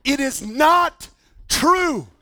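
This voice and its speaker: A man preaching a sermon as pastor in a church, animated, swinging from loud emphasis to quiet asides. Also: very high voice, very slow, dry recording, studio quality.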